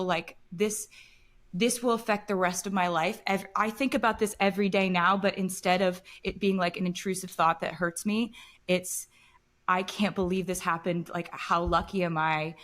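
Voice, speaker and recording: A woman guest on a podcast, telling a personal story in an emotional, animated way. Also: medium pitch. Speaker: interview guest.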